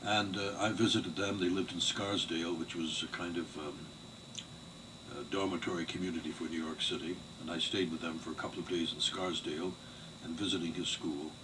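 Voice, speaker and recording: An older man giving an oral history interview, telling family memories in a measured, digressive way. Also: deep voice, fairly even intonation. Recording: distant mic with faint background noise.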